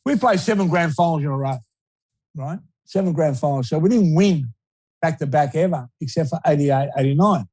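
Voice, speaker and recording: Older Australian ex-footballer guest, rambling and repetitive, a bit high-pitched, dry sound. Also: male voice, lively intonation, moderate pace, a little mellow, husky, dry recording, poor audio. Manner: rambling, repeats words, laughs easily. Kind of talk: casual storytelling interview.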